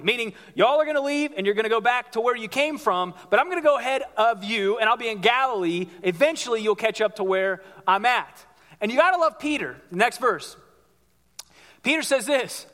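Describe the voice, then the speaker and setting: A male pastor preaching to a congregation in a church, lively, asking the room questions and acting out quotes. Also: extremely high pitch, fairly quick. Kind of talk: sermon. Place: church sanctuary before a congregation. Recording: long hall reverb.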